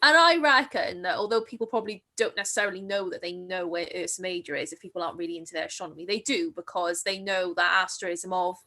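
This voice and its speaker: Bright chatty Welsh woman. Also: on the low side, fairly even intonation, fast talker, few pauses. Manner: chatty, giggly. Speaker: podcast co-host. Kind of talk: casual chat about astronomy.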